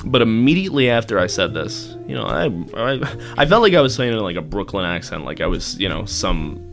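A young man co-hosting a casual podcast, his voice sitting a little low but swinging widely as he acts out little scenes. He talks loosely with restarts and laughs through his anecdotes. Faint music plays under the talk. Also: a little fast, creaky. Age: young adult. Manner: animated storytelling with voiced asides and laughter. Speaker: podcast co-host. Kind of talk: casual chat.

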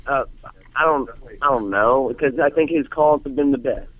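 A man's voice: mid-range voice, normal speed, a bit bright, no room sound, highs cut off. A young man calling in to a radio show, boastful and playful. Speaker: caller. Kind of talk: casual chat.

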